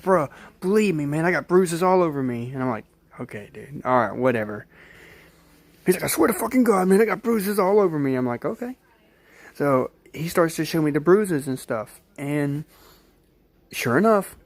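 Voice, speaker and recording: Man, casual vlog storyteller, rambling and repetitive, dry close sound, mid pitch. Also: no room sound. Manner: rambling, repetitive retelling with acted-out quotes. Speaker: vlogger.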